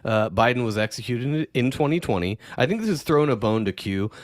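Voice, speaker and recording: A man hosting a casual podcast chat, talking in an animated way, swearing and acting out quoted voices. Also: medium pitch, a little fast, dry recording, studio quality.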